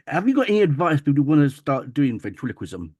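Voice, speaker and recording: A man hosting an interview, asking unhurried questions and laughing easily. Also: fairly high pitch, sing-song, a little mellow, breathy edge, no room sound. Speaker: host.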